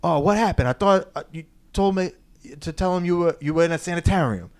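A man putting on a brash Cuban gangster, loud and raised. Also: on the high side, a little fast, pitched above the performer's own voice, natural voice. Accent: put-on Cuban accent. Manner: loud, exaggerated, half-joking film impression. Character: brash young male Cuban gangster in a crime film.

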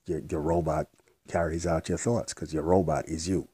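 Man for a rambling motivational vlog, deep husky voice, blunt and profane, very dry close sound. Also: steady tone, normal speed, mellow, no room sound. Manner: blunt, rambling, repeats himself, swears casually. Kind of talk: unscripted motivational monologue.

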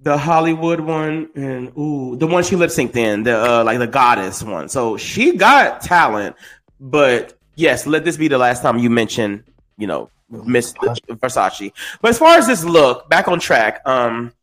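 Lively, animated male podcast co-host. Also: medium pitch, unhurried. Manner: animated, playful banter. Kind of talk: casual recap chat.

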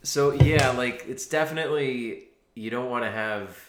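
A man's voice: medium pitch, unhurried, echoey room, background noise. A man co-hosting a casual chat who laughs often and gives thoughtful, hesitant commentary. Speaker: podcast co-host. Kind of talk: casual chat reacting to song lyrics.

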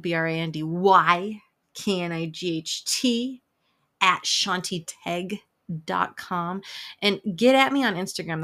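A woman's voice: lowish voice, sharp tone. Profane, playful woman teaching breathwork. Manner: profane, playful, laughs often. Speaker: emotional health specialist and breathwork teacher. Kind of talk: casual spoken talk.

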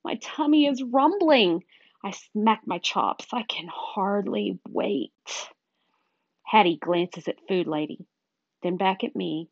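A woman reading a children's chapter book aloud with expressive, animated storytelling. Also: mid-range voice, takes it slowly, gravelly, no echo. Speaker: storybook reader. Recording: dull, dry recording.

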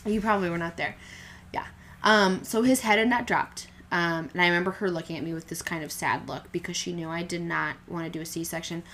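A woman's voice: fairly low pitch, steady tone, fairly quick, fairly bright tone, slight background noise. Candid young woman, rambling chat. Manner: candid and rambling, many fillers and restarts. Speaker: podcast co-host telling her birth story. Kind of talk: casual chat.

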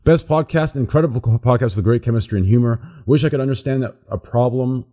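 A man's voice: mid-range voice, lively intonation, quick pace, hardly any pauses, mellow. A man co-hosting a podcast, reading listener reviews aloud in a laid-back, rambling way with repeated words and casual swearing.

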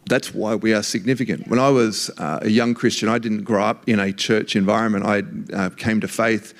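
A man's voice: fairly low pitch, steady tone, a little fast. A man preaching an earnest, emphatic sermon in a conversational way.

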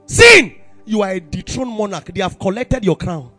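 A man with a Nigerian accent preaching a sermon to young people, impassioned and breaking into shouted exclamations. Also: high-pitched, big pitch swings, normal speed, no echo, soft background music. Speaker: youth preacher.

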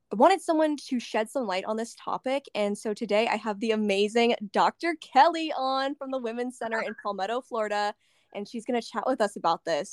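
A young woman hosting a casual interview, bubbly and quick to laugh, acting out little quotes in her stories. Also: a little high, no room sound, studio quality. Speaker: podcast host.

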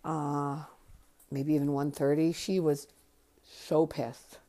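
Slow and level, with a low, warm voice, a tired podcast host in her fifties recounts memories from her life. She's from Connecticut in New England, and her storytelling wanders as she thinks aloud and swears freely.

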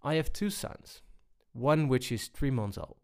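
A man speaks to an audience at a slow, deliberate pace, his voice sitting at a middle pitch. He pauses often, restarts his sentences and speaks in a plain personal tone. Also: lively intonation, clear, resonant tone. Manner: unhurried, many pauses and restarts. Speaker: speaker on balance.

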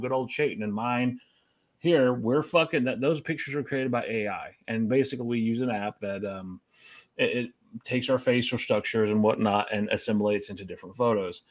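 A man's voice: mid-range voice, brisk. A man co-hosting a podcast, talking in casual banter with incredulous rants and lots of swearing. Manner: ranting, heavy swearing, incredulous outbursts. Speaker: podcast co-host.

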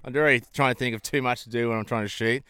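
A man's voice: medium pitch, fairly even intonation, pushed and bright, clear, resonant tone, no echo, studio quality. A man with a New Zealand accent, a shooting competitor chatting easily and laughing through an interview. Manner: fast, laughing, easygoing. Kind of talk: casual interview answers.

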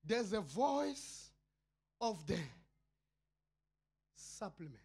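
A man with a South African accent preaching a sermon as a pastor, swinging between shouted cries and low murmured asides. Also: very animated, extremely slow, gravelly, breathy edge.

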